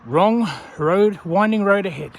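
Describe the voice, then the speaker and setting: A man's voice: sits high, unhurried, creaky, slight background noise. An Australian man talking casually to a viewer while walking outdoors along a road, rambling and self-deprecating. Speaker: vlogger. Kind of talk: casual walking vlog talk.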